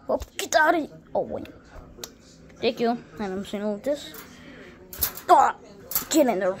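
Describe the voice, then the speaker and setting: A woman doing playful role-play commentary for a gaming video, excitable and jumping between hushed whispers and sudden yelps. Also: on the high side, normal speed, pauses often.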